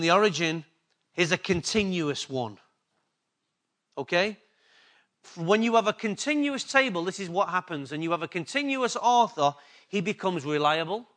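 A man's voice: high-pitched, fairly bright tone. A man with an English accent preaching a sermon, repeating key words for emphasis and asking the congregation questions. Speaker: pastor.

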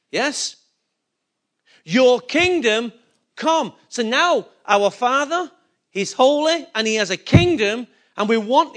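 A pastor preaching to his congregation in a strikingly high voice for a man. He keeps asking his listeners questions and leans hard into his key points, sometimes rising almost to a shout. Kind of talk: sermon.

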